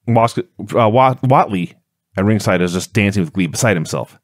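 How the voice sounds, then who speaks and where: A man with a fairly low voice co-hosts a wrestling podcast, speaking at normal speed. In casual, steady storytelling he recaps a match step by step. The studio-quality recording has no room sound.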